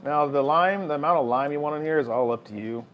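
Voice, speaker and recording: Chatty dad cooking at home. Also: male voice, a little high, quick pace, highs cut off, a little hiss or hum. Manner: relaxed, chatty, talks to viewers while cooking. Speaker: family vlogger cooking. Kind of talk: casual cooking vlog chat. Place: home kitchen.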